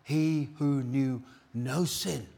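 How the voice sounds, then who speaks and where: A man's voice: medium pitch, drawn-out words, creaky, mellow. A British man preaching a sermon at a church service in an exclamatory, rousing way, calling out to the congregation.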